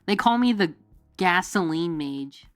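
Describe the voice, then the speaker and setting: A woman's voice: on the low side, lively intonation, measured pace, no room sound. A woman chatting casually on a livestream, close and dry at the mic. She rambles from one idea to the next, full of fillers and laughing as she goes, with faint music playing underneath. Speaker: streamer. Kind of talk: casual chat.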